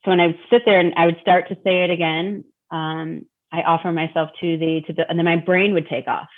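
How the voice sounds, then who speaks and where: A woman's voice: on the low side, fairly even intonation, a little fast. A middle-aged woman from Detroit, a guest speaking candidly about recovery, who repeats words and acts out her own thoughts. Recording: tinny phone-like sound.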